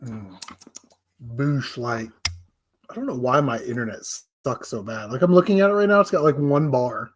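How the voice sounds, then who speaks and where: A man's voice: medium pitch, expressive, normal speed, a little hiss or hum. A man hosting a casual live stream, rambling, swearing and making fun of himself. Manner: rambling, profane, self-deprecating. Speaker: livestream host.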